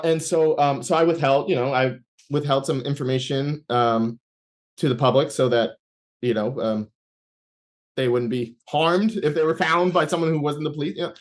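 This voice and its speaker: A man as an interview guest, telling a personal story in conversation with many fillers and restarts. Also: medium pitch. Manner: halting, many fillers and restarts, laughs while talking.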